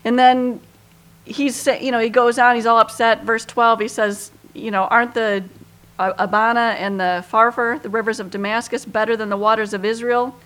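A woman's voice: a little high, flat delivery, moderate pace, a bit bright. Chatty woman teaching a Bible passage. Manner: conversational, lots of you-knows, acts out quoted lines with feeling.

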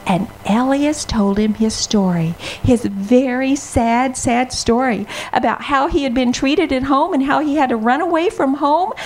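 Animated woman telling a children's story. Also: high-pitched. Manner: expressive, gasping, dramatic pauses.

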